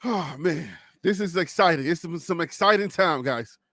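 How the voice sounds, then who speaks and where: Excited high-voiced sports talk host. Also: male voice, normal speed, no room sound. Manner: excited, repetitive, slangy, laughs often. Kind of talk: casual sports talk show. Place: home studio.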